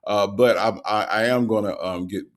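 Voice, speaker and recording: A man hosting a livestream, reading out viewer comments and greeting each viewer in a relaxed, casual way with lots of ums, a little tired from the night before. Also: fairly low pitch, moderate pace. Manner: relaxed, greets viewers with repeated hellos, frequent ums and uhs.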